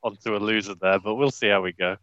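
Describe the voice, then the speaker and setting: A man's voice: lowish voice, steady tone, quick pace, fairly bright tone, no room sound, muffled recording. A British man with a nasal voice, co-hosting a casual podcast with dry, teasing remarks. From Britain. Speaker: podcast co-host.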